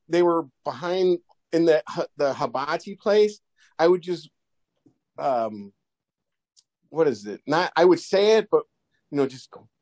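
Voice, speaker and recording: Goofy man telling rambling stories. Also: on the high side. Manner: rambling, animated anecdote-telling with many restarts. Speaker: podcast guest. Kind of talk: casual storytelling.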